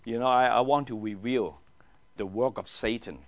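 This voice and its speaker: Animated pastor, questioning his class. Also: medium pitch, normal speed. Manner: animated, asks the group questions, drops to a hushed tone for emphasis. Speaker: pastor leading a Bible study. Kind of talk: teaching sermon.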